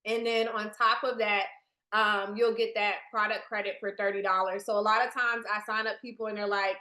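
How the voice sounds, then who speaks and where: A woman's voice: medium pitch, flat delivery, moderate pace, pushed and bright, roomy sound. Chatty woman leading a training call. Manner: chatty, addresses the audience directly. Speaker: team leader presenting to new distributors. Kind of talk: business training presentation on a video call. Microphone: video call.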